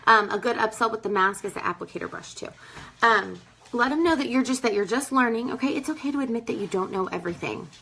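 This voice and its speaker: A young woman talks in a chatty, emphatic way, calling her listeners "girl" as she coaches them on sales. Her voice is bright and forward. She slips into her customers' voices to act out how they talk. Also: on the high side, animated, quick pace, vocal fry, slight background noise, low-quality recording. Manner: acts out customers in quoted voices. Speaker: direct sales team leader. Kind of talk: casual training talk.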